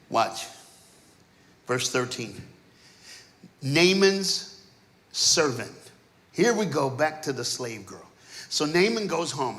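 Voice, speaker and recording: A man preaching a sermon in a church, telling stories dramatically and acting out the characters, swinging between shouting and hushed asides. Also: fairly high pitch, animated, a little slow, pauses often. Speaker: guest preacher. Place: church auditorium. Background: keyboard music.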